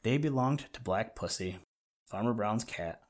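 A man narrating a children's audiobook in a measured, gently expressive storytelling manner. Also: on the low side.

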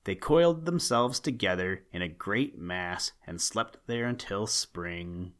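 A man reading a children's story aloud in a measured, gentle way as a podcast host. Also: deep voice, lively intonation, smooth. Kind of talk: storybook narration.

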